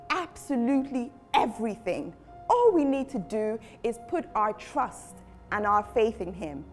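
A woman's voice: fairly high pitch, a little mellow. A woman host speaking with enthusiasm to children and leading them in prayer.

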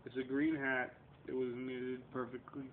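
A thirties-aged man vlogs a profane, wandering rant directly to camera, moving back and forth between confrontation and emotion. His medium-pitched voice shows little pitch movement at a normal speed, recorded through a tinny webcam with faint background noise.

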